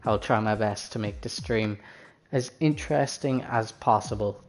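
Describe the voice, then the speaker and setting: A man's voice: fairly low pitch, normal speed. Chatty male sim racing stream host. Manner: casual, chatty, addresses viewers and drivers directly. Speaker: league race host.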